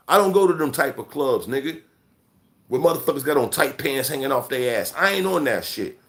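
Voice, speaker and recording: A man's voice: mid-range voice, a bit bright. Profane scolding man in his forties. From Chicago. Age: 40s. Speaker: livestream host. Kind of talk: livestream rant.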